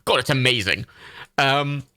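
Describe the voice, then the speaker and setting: A man's voice: medium pitch, measured pace, bright, forceful tone, no room sound, clean studio sound. A young man in his twenties from Ireland, hosting a livestream and chatting casually and enthusiastically about films, with lots of fillers and swearing. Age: 20s. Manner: rambling, enthusiastic, swears freely, many fillers. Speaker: livestream host. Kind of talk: casual chat while browsing films.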